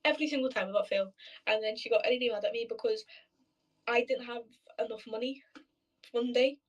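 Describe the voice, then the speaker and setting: A young woman chats on a video call and tells stories with plenty of swearing. Her voice sits a little high and comes from some distance off the mic. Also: brisk, lo-fi sound. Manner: chatty storyteller, swears freely, acts out quoted voices. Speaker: chat partner on a video chat. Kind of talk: casual chat.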